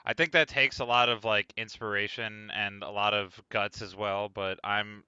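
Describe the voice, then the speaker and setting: A young man hosting a casual live-streamed interview, talking in a laid-back, rambling way full of fillers and warm praise for his guest. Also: lowish voice, steady tone, moderate pace, smooth, no room sound. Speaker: podcast host. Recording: dull lo-fi online call audio.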